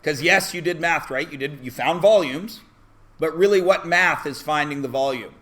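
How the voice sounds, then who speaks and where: A man's voice: a little high, moderate pace, a bit bright, slight background noise. A man teaching a math class, asking the students questions and often answering them himself. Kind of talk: classroom lesson.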